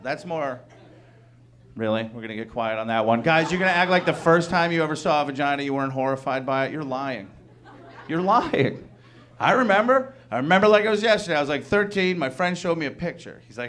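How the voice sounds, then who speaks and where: A man in his thirties performing a stand-up comedy set, talking conversationally and acting out quick incredulous bits of dialogue. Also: fairly high pitch, expressive, noisy background. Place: comedy club stage.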